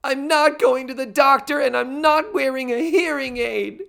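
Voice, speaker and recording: A man voicing an upset teenage girl, high, whiny and pleading, quoting a sitcom scene. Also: normal speed, vocal fry, a bit bright, full character voice. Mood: tearful, whiny.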